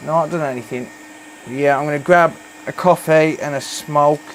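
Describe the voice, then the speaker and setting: A man's voice: on the high side, moderate pace, a little hiss or hum. Chatty Black Country man streaming repairs. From Dudley, West Midlands, England. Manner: chatty, relaxed, calls viewers "mate". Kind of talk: casual livestream chat while repairing.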